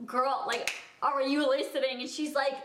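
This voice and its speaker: A woman's voice: high-pitched, flat delivery, moderate pace, noisy background. A young woman telling a personal story to camera in a chatty, casual way, filling her talk with "like" and acting out the dialogue. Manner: chatty, heavy use of "like", acts out dialogue. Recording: echoey room.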